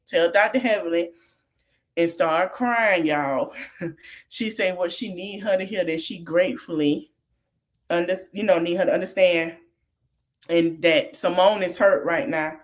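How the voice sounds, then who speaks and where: Chatty woman podcaster recapping reality TV. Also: fairly low pitch. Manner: chatty, Southern-tinged slang, laughs often. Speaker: podcast host.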